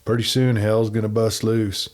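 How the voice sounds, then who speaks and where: A man's voice: fairly low pitch, little pitch movement, normal speed, darkish tone, lightly acted. A man voicing a nervous, frightened express office man who talks in anxious, urgent tones. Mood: fearful. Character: nervous male express clerk, fretful and scared.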